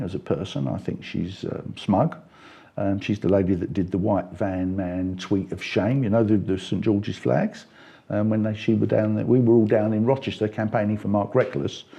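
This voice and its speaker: A middle-aged man from England, talking politics in an interview, getting animated and climbing in pitch as he makes his points. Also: gravelly. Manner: animated, rising pitch when making points. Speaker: party member interviewee.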